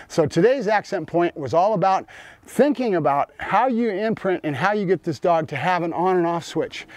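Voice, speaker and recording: A man's voice: a little high, darkish tone, no echo. A middle-aged dog trainer talking casually to viewers outdoors, explaining how he teaches a puppy to settle down. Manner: coaxing praise to the dog, then explaining to viewers.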